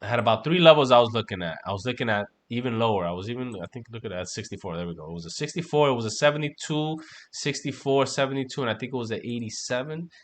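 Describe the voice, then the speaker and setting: Man, trading stream host, casual, profane, keeps saying "right?", ordinary pitch. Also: quick pace. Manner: loose, profane, chatty, peppered with "man" and "right?". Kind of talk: casual livestream trading talk.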